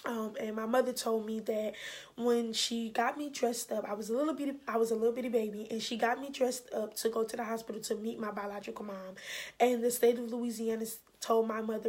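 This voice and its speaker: A woman, telling a personal story in a candid, animated way and voicing the people she quotes. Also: fairly high pitch, brisk. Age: 20s. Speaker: vlogger. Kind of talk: emotional storytime.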